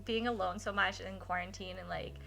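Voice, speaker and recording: A woman's voice: mid-range voice, steady tone, brisk, creaky, sharp tone, faint music behind. A young woman streaming a game live, gushing with thanks to her chat and talking in a chatty way full of fillers. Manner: gushing, emotional, many thank-yous.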